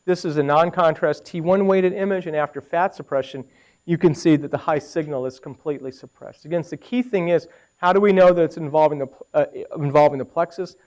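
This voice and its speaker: A man's voice: a little high, darkish tone, rough recording. Man lecturing on medical imaging. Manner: conversational, with anecdotes and audience questions. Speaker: radiology lecturer.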